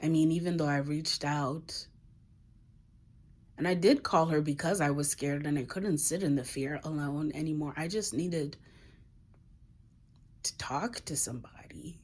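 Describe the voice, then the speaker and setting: Candid low-voiced woman vlogging. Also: measured pace, long pauses, a little mellow. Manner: candid, emotional, swears casually. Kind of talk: confessional personal vlog.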